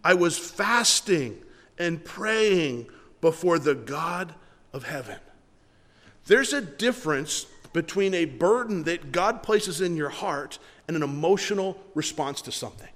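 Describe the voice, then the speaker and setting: A male pastor preaching a sermon, emphatic and repeating his words, slowing down to read scripture. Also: fairly high pitch. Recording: long hall reverb.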